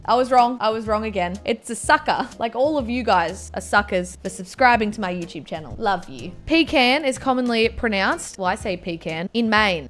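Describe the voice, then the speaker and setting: A woman with an Australian accent hosting a casual reaction vlog, animated and self-mocking, her voice jumping between loud and soft. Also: mid-range voice, fairly quick, hardly any pauses, faint music behind. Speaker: YouTuber host. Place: indoors at home, wrapped in a blanket.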